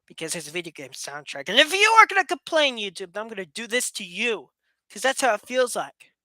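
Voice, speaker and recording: Woman, somewhat high voice, bright tone, playful, sarcastic, rambling, webcam at home. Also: very animated, brisk, no echo. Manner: playful, rambling, laughs often, jokes sarcastically. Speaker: vlogger. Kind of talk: casual chat to camera. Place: room at home with a fast fan running.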